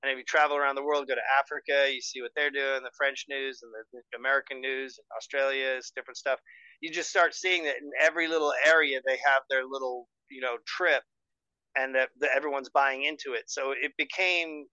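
A man talking as a podcast guest, telling stories in an animated way with laughs. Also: medium pitch, fairly quick, dry recording, muffled recording. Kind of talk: casual chat.

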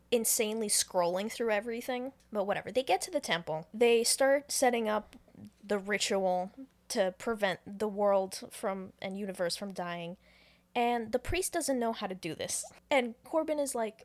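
A young woman co-hosting a casual podcast, animatedly retelling a movie plot with swearing, laughter and quick character voices. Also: medium pitch. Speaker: podcast co-host retelling a film. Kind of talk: casual chat.

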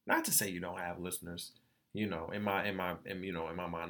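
This young man, host of his own podcast, is tearful as he vents in a frank, emotional monologue laced with profanity and repeated phrases. The voice is deep and a bit bright, steady in tone and fairly quick.

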